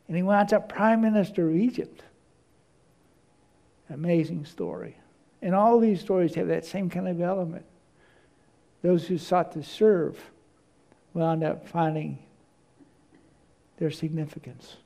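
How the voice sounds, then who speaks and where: A male preacher with a fairly high, gravelly voice and a dark, mellow tone. He preaches by telling stories and stumbles over repeated words as he looks for what to say next. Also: measured pace, long pauses. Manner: storytelling, repeats words when searching. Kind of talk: sermon.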